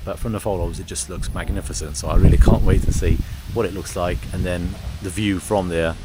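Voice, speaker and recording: A man chatting to camera as a travel vlogger, with a lively, exclamatory and sometimes frustrated manner, recording in and around a camper van. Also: low-pitched, a little fast, heavy background noise. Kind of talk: casual vlog to camera. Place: camper van and outdoors at a rock site.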